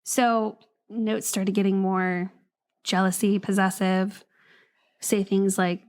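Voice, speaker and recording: A woman's voice: medium pitch, fairly even intonation, a little slow, a little mellow. An American woman hosting a casual true-crime podcast, reading old love letters aloud with dry asides and short laughs. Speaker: podcast host.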